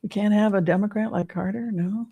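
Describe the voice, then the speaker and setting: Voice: mid-range voice, fairly even intonation, fairly quick, creaky, warm tone, a little hiss or hum. A tarot reader hosting a casual livestream, chatting in a rambling, hesitant way with lots of fillers and restarts, adding incredulous asides.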